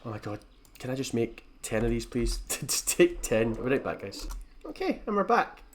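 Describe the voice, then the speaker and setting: Animated, sweary gaming host. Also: male voice, mid-range voice, moderate pace, a little hiss or hum. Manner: rambling, jokey, sweary. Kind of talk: casual game commentary.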